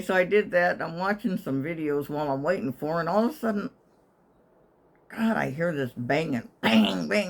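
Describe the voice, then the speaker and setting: An older woman living in assisted living, telling a wry, chatty story to her channel and sometimes whispering her inner thoughts. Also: low voice. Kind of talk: casual storytelling to camera.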